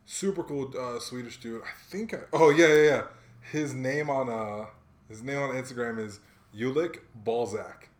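A man's voice: mid-range voice, moderate pace. Laid-back young man telling stories in a roomy room. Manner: laid-back slang-heavy storyteller, animated when quoting people. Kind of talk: casual chat, storytelling.

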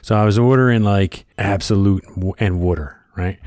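A man tells stories in a casual chat. His voice sits fairly low. He acts out the quotes with bursts of energy, and the sound is dry and close. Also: fairly quick, few pauses, dry recording. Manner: animated storyteller who acts out quotes loudly.

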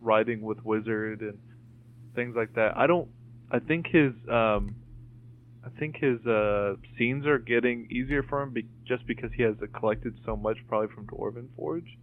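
A man's voice: medium pitch, normal speed. A man co-hosting a podcast, chatting casually and rambling with lots of fillers and the odd swear. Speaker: podcast co-host. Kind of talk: casual chat. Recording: tinny phone-like call audio.

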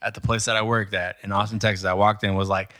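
A man's voice: fairly low pitch, little pitch movement, fast, bright, forceful tone, dry recording, studio quality. A man in casual chat telling rambling anecdotes with heavy swearing.

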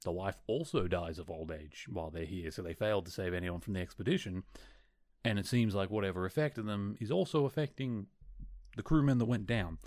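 A man's voice: sits low, fairly quick, darkish tone, no room sound, studio quality. A man hosting a podcast, casually retelling a TV episode and slipping into quoted lines from the characters. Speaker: podcast host.

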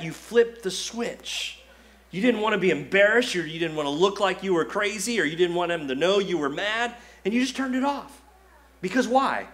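A man's voice: high-pitched, fairly bright tone. A male pastor preaching a sermon in a conversational style, acting out quoted asides. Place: church sanctuary.

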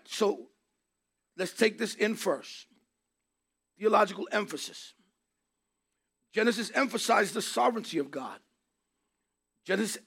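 A man preaching a sermon in an emphatic way, repeating key phrases and rising to shouts. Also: sits high, breathy edge.

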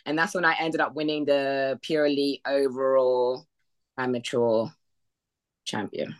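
Deep-voiced woman from the UK, guest on a podcast, chatty storyteller who mimics others' lines. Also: fairly even intonation, measured pace. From United Kingdom. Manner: retells past conversations in quoted voices, with frequent fillers and laughs. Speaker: podcast guest, bodybuilding athlete. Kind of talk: casual conversational storytelling.

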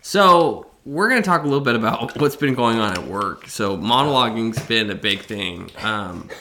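Bright-voiced young man, chatty. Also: medium pitch, animated, moderate pace, slight background noise. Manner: chatty, eager, finishes his co-host's sentences. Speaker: podcast co-host. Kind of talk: casual chat.

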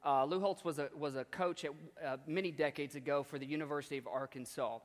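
A man's voice: on the high side, fairly even intonation, fast talker. A man preaching a sermon in a conversational, emphatic way, repeating his key lines. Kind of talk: storytelling sermon. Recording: long hall reverb.

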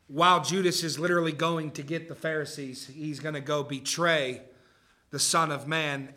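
A man's voice: fairly high pitch, sharp tone. A male pastor giving a conversational sermon to a live congregation, often checking in with the room. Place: church service before a live congregation.

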